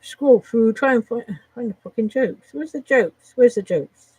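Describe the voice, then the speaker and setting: A woman's voice: on the high side, animated, a little slow, a little mellow, husky, no echo, poor audio. A woman chatting casually on a live stream, rambling, swearing freely and laughing at her own jokes.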